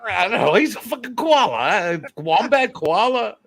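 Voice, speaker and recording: A man's voice: high voice, sing-song, normal speed, vocal fry, a bit bright. A man hosting a livestream who rants in a heated, profane way and keeps repeating himself while he builds his point. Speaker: livestream host.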